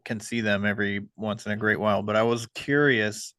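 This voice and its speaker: A man hosting a podcast, talking casually and hesitantly with many pauses. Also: fairly low pitch, level tone, pushed and bright, smooth, dry recording. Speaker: podcast host.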